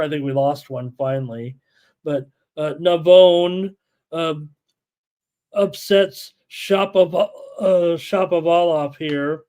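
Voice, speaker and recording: Excitable man with a slow, higher voice. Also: clear, resonant tone. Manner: excitable, with frequent "uh" fillers. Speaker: sports betting show host. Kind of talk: live sports betting analysis, reading viewer chat.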